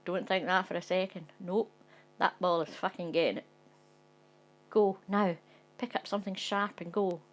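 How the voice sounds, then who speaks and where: A woman reading a second-person comic short story aloud in a wry, conspiratorial tone that breaks into sweary outbursts of indignation. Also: on the low side.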